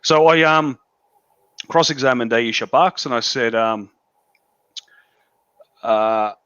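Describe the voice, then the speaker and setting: A man's voice: medium pitch, slow pace, fairly bright tone, smooth, no room sound, dull audio. A young Australian man from Melbourne's northern suburbs, chatting bluntly and swearing often over a video call. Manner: blunt and sweary, laughs at his own story. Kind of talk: casual chat.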